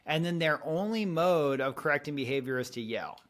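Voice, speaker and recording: A man's voice: on the high side, animated, a little fast, fairly bright tone. A man in his thirties on a podcast, earnestly explaining a parenting method and acting out little example conversations. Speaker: parenting coach guest.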